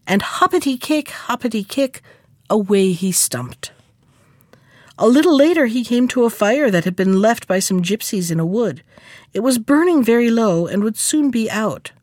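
A woman reads a classic fairy tale aloud with expressive storybook delivery. Her voice is fairly high and swings lively through each phrase. The sound is close and completely dry. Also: moderate pace, dry recording. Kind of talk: scripted fairy-tale narration.

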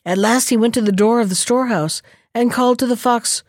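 A woman's voice: on the high side, a little fast, a little mellow, dry recording. Woman reading a fable, dry sound. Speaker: storyteller. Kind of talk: storybook narration.

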